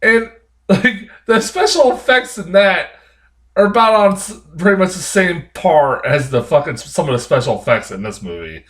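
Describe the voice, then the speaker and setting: A man's voice: sits high, animated, moderate pace, fairly bright tone. A man giving a casual spoken movie review, ranting in an exasperated, profane way with frequent laughs and rambling restarts. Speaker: film reviewer.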